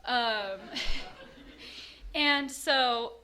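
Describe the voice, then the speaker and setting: A woman's voice: fairly high pitch, very slow, pushed and bright, a little hiss or hum. A woman telling her own story in a frank, self-mocking way, with lots of fillers. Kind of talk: candid personal storytelling.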